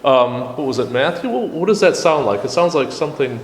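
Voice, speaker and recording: A man with a slightly high, lively voice leads a church study group at a fairly quick pace, teaching in a casual, conversational way. He often restarts sentences and quotes texts aloud, recorded in an echoey room with long reverb and slight background noise.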